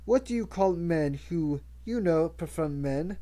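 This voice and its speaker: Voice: medium pitch, expressive, measured pace, mellow, natural voice. A narrator voicing a determined young woman who asks earnest, curious questions. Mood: inquisitive.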